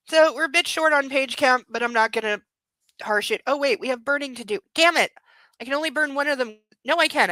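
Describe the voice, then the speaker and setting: A woman's voice: on the high side, pushed and bright, no echo, poor audio. A young woman hosting a book club, reading a novel aloud with sarcastic, mocking asides. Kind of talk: comedic book reading with commentary.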